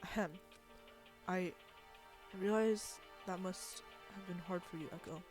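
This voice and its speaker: A gentle, awkward classmate who offers comfort in a soft, hesitant voice, read out by a streamer. The delivery is close to an everyday speaking voice. Faint music sits in the background. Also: medium pitch, measured pace, close to an everyday voice.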